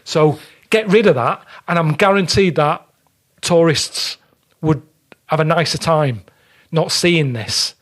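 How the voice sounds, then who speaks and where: A man's voice: on the high side, takes it slowly. A man, a podcast guest telling blunt, grumbling anecdotes with the odd swear word in casual chat. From England.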